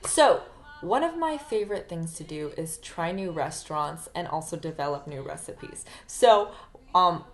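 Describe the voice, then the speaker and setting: A woman's voice: lowish voice, expressive, unhurried. Chatty woman vlogging to camera. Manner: chatty and rambling. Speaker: singer-songwriter and YouTuber. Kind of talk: casual chat to camera.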